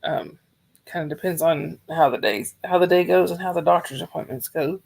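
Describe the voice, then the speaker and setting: A woman from Georgia, chatting softly and rambling on a livestream while losing her voice. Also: deep voice, normal speed, vocal fry. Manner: soft-spoken, rambling, talks to chat viewers by name. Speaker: livestream host. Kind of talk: casual livestream chat.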